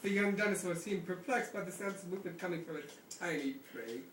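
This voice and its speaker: A man's voice: high-pitched, fast, background noise. A man casually reading a novel aloud to friends in a cabin, often amused. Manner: amused, breaking into laughs. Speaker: reader. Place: lakeside cabin, indoors. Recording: echoey room, distant mic.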